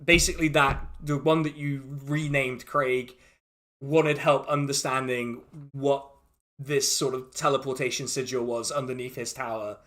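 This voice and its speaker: A man's voice: mid-range voice, steady tone, measured pace, a bit bright. A man narrating a tabletop game as game master, rambling and laughing through restarts.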